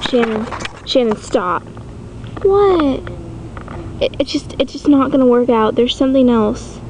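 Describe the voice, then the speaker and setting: A woman's voice: sits high, lively intonation, unhurried, noisy background, voice pushed down. A woman voicing a lovesick young suitor with an overwrought, soap-opera delivery in a homemade comedy skit. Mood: melodramatic.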